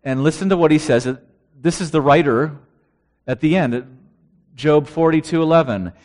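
A man's voice: on the high side, moderate pace, pauses often, darkish tone. A man preaching a sermon who reads out scripture verses and asks his listeners rhetorical questions.

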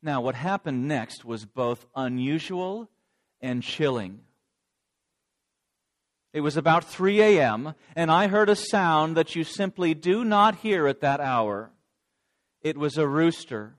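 A man's voice: fairly high pitch, animated, takes it slowly. A man voicing a remorseful adult male disciple, telling of his denial in a dramatic first-person monologue.

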